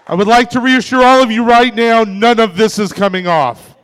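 A man in his forties doing a stand-up comedy set on a club stage, delivering self-mocking punchlines in a deadpan way. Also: very high-pitched, moderate pace, smooth. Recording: reverberant club room.

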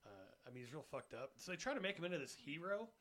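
Fast-talking ranting podcast host. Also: male voice, a little high, a crowd in the background. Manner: profane, ranting, animated. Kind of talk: casual comedy podcast chat.

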